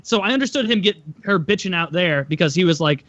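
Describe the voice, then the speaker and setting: A man co-hosting a podcast in casual chat, an animated storyteller who acts out voices. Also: high voice, quick pace, few pauses, no room sound. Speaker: podcast co-host. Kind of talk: casual chat about TV shows. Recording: dry, muffled podcast audio.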